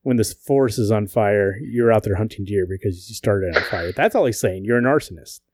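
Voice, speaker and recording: A podcast co-host with a lowish male voice talks fairly quickly, recorded with no echo. He jokes, swears, and brings animated energy to his stories in casual chat.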